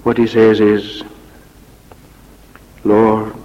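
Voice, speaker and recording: A man's voice: medium pitch, slow pace, a little hiss or hum. A man preaching a sermon dramatically, dropping to a whisper on key words. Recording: lo-fi recording in a reverberant hall.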